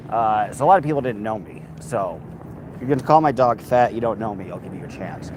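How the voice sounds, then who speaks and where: Walking down a city street, a man livestreams from his phone and chats casually with his viewers, swearing as he gets frustrated and heated before turning to read the chat. His voice is fairly low, expressive and fairly quick. The phone mic captures loud traffic and street noise, making for a low-quality recording.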